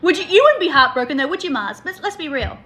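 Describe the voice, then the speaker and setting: A woman's voice: high-pitched, big pitch swings, quick pace, pushed and bright. A woman co-hosting a casual chat, emotional and laughing often. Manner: emotional, laughs a lot, exaggerates. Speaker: podcast co-host.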